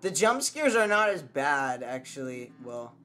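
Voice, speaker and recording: A man's voice: medium pitch, very animated, unhurried, sharp tone, slight background noise. A man commentating a horror game, swearing and yelping at scares. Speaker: gameplay commentator.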